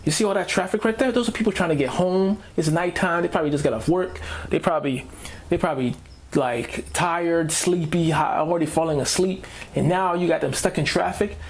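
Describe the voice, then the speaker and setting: A man's voice: fairly high pitch, fairly quick. A man hosting a reaction video, ranting casually in slang and repeating himself as he talks.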